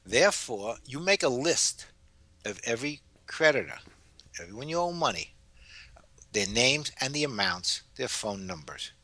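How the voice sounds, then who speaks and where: Animated older New man. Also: mid-range voice, moderate pace, dry recording. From New York. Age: 70s. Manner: animated storyteller. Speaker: guest author. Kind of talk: casual interview advice.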